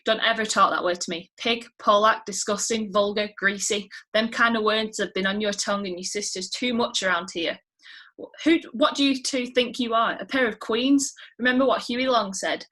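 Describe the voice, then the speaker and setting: A woman's voice: medium pitch, fairly even intonation, normal speed, bright, forceful tone. A woman reading out a domineering, brutish husband. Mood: angry. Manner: plain reading aloud, no accent put on. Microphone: video call.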